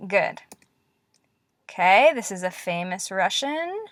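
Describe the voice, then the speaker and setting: A woman teaching Russian letters in a classroom-style lesson, patient and encouraging, repeating words slowly. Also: fairly high pitch, expressive, a bit bright, no room sound.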